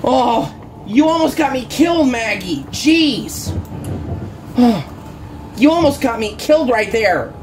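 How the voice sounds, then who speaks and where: Game music and barking dogs play behind a gaming channel host as she rambles through horror game commentary, exasperated and groaning, saying "bruh" often. Her fairly high voice is very animated, yet she speaks slowly, pausing often over some background noise.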